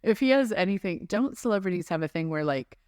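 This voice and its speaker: A woman's voice: lowish voice, fast talker, no echo, studio quality. A woman co-hosting a podcast, chatting animatedly and telling stories. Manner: animated, laughing, storytelling. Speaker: podcast co-host. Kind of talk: casual chat.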